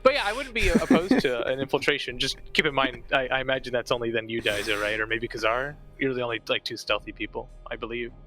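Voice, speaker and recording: A man's voice: medium pitch, expressive, fast, few pauses, sharp tone, faint music behind. A man playing a tabletop game, carefully weighing options in casual chat. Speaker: player.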